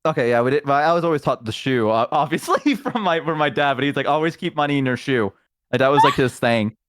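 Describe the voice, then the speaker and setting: A man's voice: medium pitch, lively intonation, quick pace, a bit bright, dry recording. Man spinning rambling stories, dry sound. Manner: rambling storyteller who acts out quotes. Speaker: guest streamer. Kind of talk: casual chat.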